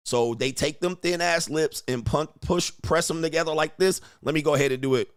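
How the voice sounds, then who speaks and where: A man's voice: a little high, a little fast, smooth, no room sound, studio quality. A man hosting his own stream, giving blunt, mocking commentary while reacting to a clip. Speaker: host.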